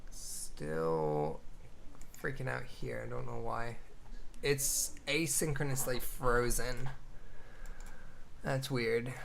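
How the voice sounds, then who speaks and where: A man's voice: medium pitch, little pitch movement, takes it slowly, vocal fry, long pauses, a bit bright, a little hiss or hum. A man streaming as a game developer, thinking aloud as he codes, muttering half-finished lines and cursing mildly at bugs. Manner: mutters code aloud, trailing off, mild cursing. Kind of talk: casual livestream, thinking aloud while coding.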